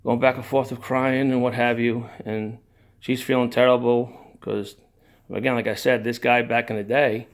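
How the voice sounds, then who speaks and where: An older man with a gravelly, creaky voice tells his own family story in a casual, rambling way. He wanders off on tangents, sighs and restarts his sentences, and sounds moved. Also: medium pitch, flat delivery, normal speed. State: emotional.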